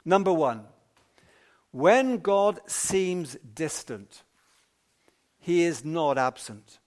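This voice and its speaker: A man preaching an evening sermon in a measured, emphatic way with long pauses. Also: a little high, lively intonation.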